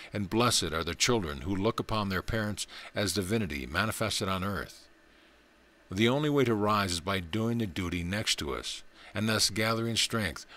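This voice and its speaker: Low-voiced man reading a spiritual text. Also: a bit bright. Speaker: audiobook reader. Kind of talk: scripted narration.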